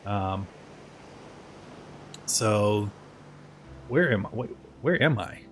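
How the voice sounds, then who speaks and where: A man's voice: fairly low pitch, lively intonation, very slow, a bit bright, a little hiss or hum, low-quality recording. A man chatting casually while live-streaming a video game, rambling through asides and poking fun at himself. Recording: game music playing clearly behind.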